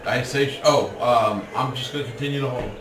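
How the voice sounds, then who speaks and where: A man's voice: medium pitch, fairly quick, a bit bright. A man playing a tabletop game, earnestly asking about the rules. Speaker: player. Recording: roomy, distant mic with faint noise.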